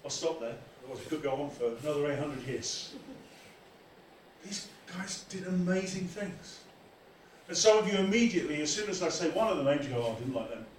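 Man, pastor, animated sermon; slightly high voice, distant mic in a very echoey church hall. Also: brisk, a little hiss or hum. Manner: animated, acts out quoted voices. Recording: echoey room from far off.

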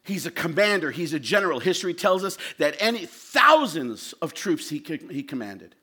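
A male pastor preaching a sermon with passion, swinging from loud shouted lines to low, quiet asides. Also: very animated, moderate pace, breathy edge.

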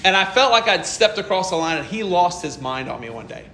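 Man pastor, storytelling sermon, bright lively voice, echoey hall, faint hiss. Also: high voice, brisk. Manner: storytelling, acts out dialogue, laughs often.

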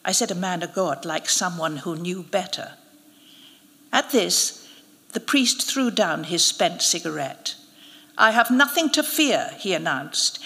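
A woman, an actress, reading a short story aloud at a live event in a measured, expressive way. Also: mid-range voice. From United Kingdom. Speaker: narrator, actress. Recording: reverberant hall at a live event.

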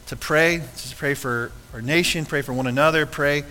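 Bright-voiced male pastor preaching in a hall. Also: a little high, normal speed. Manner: earnest, conversational preaching with rhetorical questions. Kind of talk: sermon. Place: church sanctuary.

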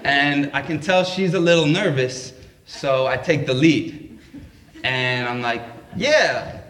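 A man's voice: medium pitch, steady tone, measured pace, fairly bright tone. A man telling a funny personal story in a casual, laughing, anecdotal way. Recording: roomy echo.

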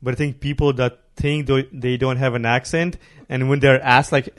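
Rambling podcast host, dry close sound. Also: male voice, medium pitch, little pitch movement, moderate pace, hardly any pauses, no room sound. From immigrant who arrived near his teens. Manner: rambling, laughs while telling stories. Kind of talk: casual podcast chat.

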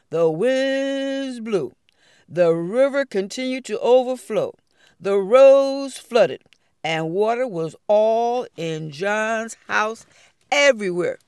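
A woman storyteller spins a folk fable, stretching phrases and swinging her pitch expressively. The recording is close and dry, with no room sound. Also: lively intonation, takes it slowly, a little mellow, clear, resonant tone, no echo.

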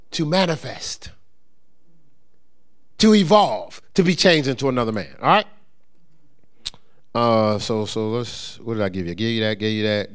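A man pastor preaching a sermon, acting out quoted voices and slipping into a quiet storytelling tone for a personal story. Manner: animated preaching with rising emphasis and quoted voices; drops into a low, soft storytelling voice.

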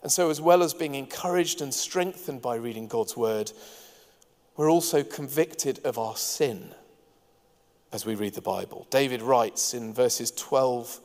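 Long hall reverb fills this church-hall recording of a man delivering a sermon as pastor. His mid-range, darkish voice is unhurried, and he stays earnest and engaging while tossing light asides to the congregation.

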